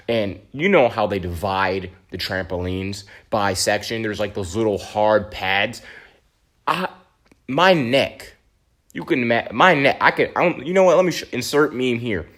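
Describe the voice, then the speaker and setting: Animated man telling a storytime tale. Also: fairly low pitch. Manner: animated, dramatic, slangy retelling. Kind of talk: casual storytime monologue.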